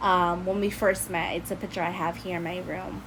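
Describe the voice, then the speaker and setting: A young woman from New City, telling a personal story in casual chat from her bedroom, animated and laughing often as she acts out quotes. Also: fairly low pitch, a little fast, slight background noise, poor audio. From New York City.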